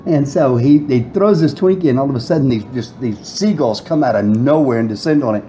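A man's voice: medium pitch, brisk, warm tone, a little hiss or hum, low-quality recording. A middle-aged man telling a long, rambling story in casual chat, often laughing. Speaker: guest.

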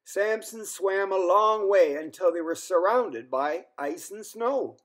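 Slow, expressive storyteller man. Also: sits high. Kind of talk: children's story read-aloud.

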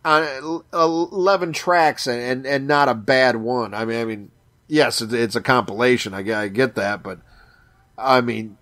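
A man's voice: mid-range voice, a bit bright. A man co-hosting a podcast in casual chat, with a Chicago accent, cursing a lot, gushing and often repeating words. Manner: profane, enthusiastic, repeats words. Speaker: podcast co-host.

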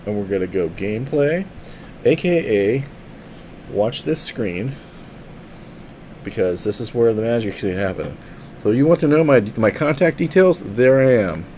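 A man's voice: medium pitch, lively intonation, measured pace, pauses often, darkish tone, a little hiss or hum, poor audio. A man streaming from a tablet, a musician who rambles casually, jokes around and keeps slipping into silly voices. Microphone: tablet mic.

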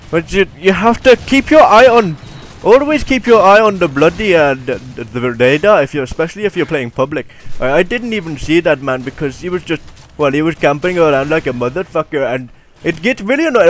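A man giving casual, rambling commentary over his own gameplay, excitable and swearing often into a desktop mic. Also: sits high, slight background noise.

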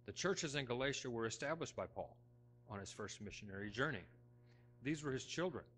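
A middle-aged man preaching a sermon as pastor, talking conversationally with folksy, self-deprecating humor, moving between loud emphasis and hushed asides. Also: medium pitch, animated, a little fast, slightly rough. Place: church sanctuary.

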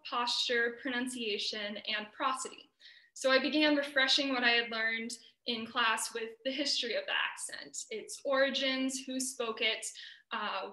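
A woman's voice: on the high side, pushed and bright, echoey room, low-quality recording. A young American woman giving an earnest, explanatory student presentation over a video call. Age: young adult.

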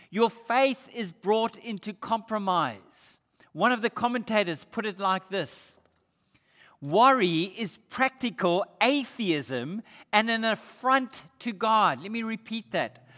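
High-pitched and bright, the man speaks with a forceful tone. He is a pastor from Australia, preaching with earnest emphasis and asking his congregation rhetorical questions, his words echoing with long hall reverb through a church sanctuary.

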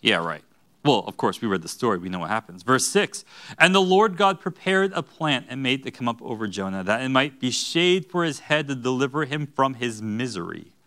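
Man, pastor, sermon, animated, joking asides, bright voice. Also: mid-range voice, a little fast. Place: church sanctuary.

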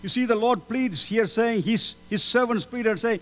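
High-voiced man preaching in a reverberant hall. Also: normal speed. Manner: preaching with swings between loud pleading and low solemn tones. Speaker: pastor. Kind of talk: sermon. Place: church hall. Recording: hall reverb with mains hum.

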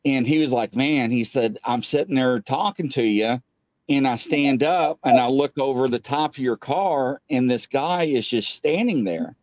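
A middle-aged man tells a story in a loose, rambling way, filling the pauses with "uh" and acting out each quoted line with a sharp leap up in pitch. His voice sits at an ordinary male pitch and sounds dry, with no room echo. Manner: animated, jumps up in pitch when acting out quoted speech; loose and rambling with many filler "uh"s. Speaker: guest, police captain. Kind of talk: casual storytelling.

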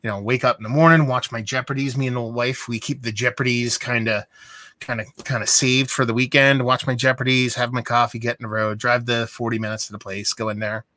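A man's voice: medium pitch, flat delivery, brisk, pushed and bright, no echo. A young adult man telling a rambling, exasperated story in a casual vlog. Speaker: beer vlogger.

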